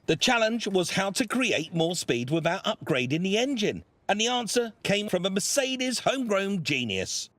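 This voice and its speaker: Lively high-voiced male narrator. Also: moderate pace, hardly any pauses, dry recording. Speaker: documentary narrator. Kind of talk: scripted narration. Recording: music bed under voice.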